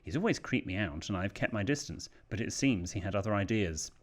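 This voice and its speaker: A man's voice: on the low side, fairly quick. A British man co-hosting a podcast, reading listener letters aloud in a casual chat. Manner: lively, animated reading voice.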